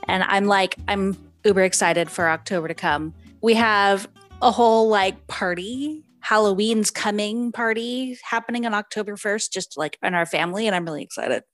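A woman's voice: mid-range voice, moderate pace, no room sound, soft background music. A woman co-hosting a podcast in casual chat, chatty and giggly with many fillers, also reading out a book synopsis. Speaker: podcast co-host.

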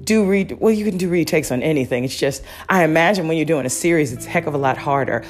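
A woman's voice: low voice, fast, soft background music. A woman hosting a podcast, talking casually in a rambling, chatty way with many fillers and restarts. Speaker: podcast host. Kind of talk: casual solo review chat.

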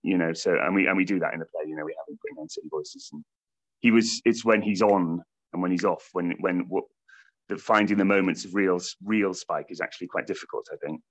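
A British man with a low, deep voice talks about his stage role in a relaxed interview. He rambles and restarts his sentences often, laughs easily, and keeps the tone loose and conversational. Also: fast talker. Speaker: stage actor playing a comedian. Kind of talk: casual interview chat.

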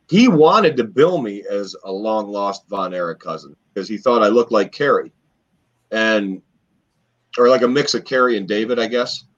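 A man and former wrestler, co-hosting a podcast, telling long stories in a rambling, animated way with lots of fillers. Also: lowish voice. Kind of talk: casual storytelling chat. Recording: dull lo-fi podcast audio.

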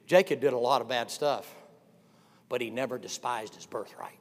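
An older man preaching a sermon, dropping to hushed asides and then rising to fervent shouts. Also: mid-range voice, brisk. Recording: long reverb of a large hall.

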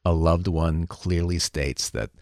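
A man hosting a podcast, narrating a first-person story in a calm, earnest way. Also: sits low, slow, gravelly, no room sound, studio quality.

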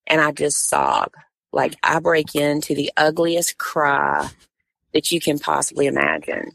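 Low, gravelly-voiced woman telling a story. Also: measured pace, dry recording. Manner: animated storyteller, acts out what others said. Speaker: tournament director, podcast guest. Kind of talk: storytelling in casual conversation.

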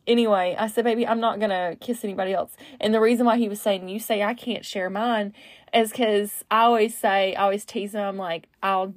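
Woman, solo podcast host, casual rambling talk, lots of filler words, mid-pitched voice, dry close recording. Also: steady tone, moderate pace, no room sound. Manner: rambling, filler-heavy, self-correcting.

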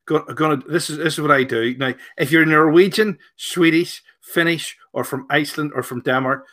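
A man's voice: on the high side, moderate pace, a bit bright. A man hosting a live online show, chatty and playful, reading viewer questions. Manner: chatty, playful, laughs easily. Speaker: show host.

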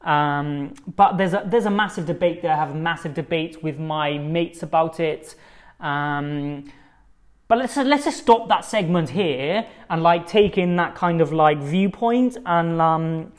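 A man hosts a solo podcast, talking unhurriedly into his own microphone in a voice on the high side. His style is casual and rambling, conversational and full of fillers.

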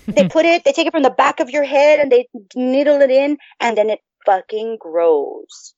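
A woman's voice: high voice, normal speed, darkish tone, no room sound. Profane, rambling woman podcast host. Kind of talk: casual chat. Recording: dull lo-fi sound.

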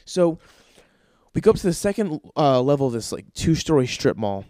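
A man casually telling an anecdote with lots of swearing, fillers and animated energy. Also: fairly high pitch, moderate pace, dry recording, studio quality. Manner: animated, profanity-laced storytelling with frequent fillers.

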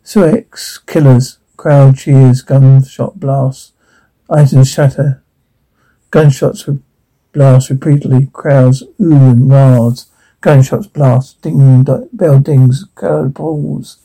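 A man reading a transcript aloud, slow and halting, stumbling over words. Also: medium pitch, fairly even intonation, gravelly, dark tone, husky, poor audio. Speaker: reader.

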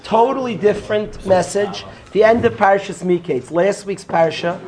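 A man with a notably high voice teaches as a rabbi, lecturing a classroom of students. He repeats key phrases and quizzes listeners by name as he goes. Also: normal speed, a little mellow.

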